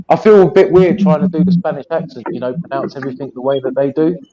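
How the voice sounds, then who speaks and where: A man's voice: a little high, moderate pace, dull audio, crowd noise. A man with an English accent, chatting casually about boxing as a co-host, rambling and friendly. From England. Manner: chatty, rambling, says mate.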